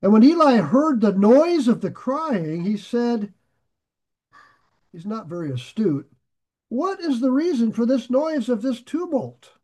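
A man with a high voice leads a verse-by-verse Bible study. He reads scripture aloud and then drifts into friendly, animated asides, getting lit up and loud when excited. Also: unhurried. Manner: animated, gets excited and raises his voice. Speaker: Bible teacher.

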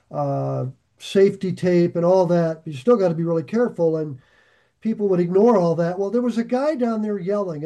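A man's voice: high voice, dark tone. A man leading a Bible study, telling a rambling story with chuckles. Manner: rambling, chuckling anecdote teller. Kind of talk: casual storytelling.

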